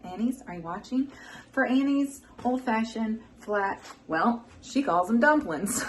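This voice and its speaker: A young woman, chatting warmly and rambling as she hosts a home cooking vlog, sometimes dropping into soft murmurs. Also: medium pitch, a little slow, a little hiss or hum, low-quality recording. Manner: folksy and rambling, drifts into soft emotional murmurs. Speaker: cooking channel host. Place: home kitchen.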